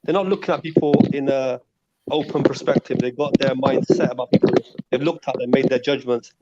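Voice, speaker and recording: A man's voice: medium pitch, fairly even intonation, brisk, very noisy. A man on a podcast panel, arguing his point insistently and pushing to be heard. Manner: argumentative, insistent on being heard. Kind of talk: heated podcast debate. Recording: dull lo-fi online call audio.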